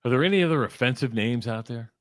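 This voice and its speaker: A man's voice: mid-range voice, animated, fast talker, dry recording, studio quality. A man co-hosting a radio sports talk show in casual banter, opinionated and emphatic. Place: radio studio.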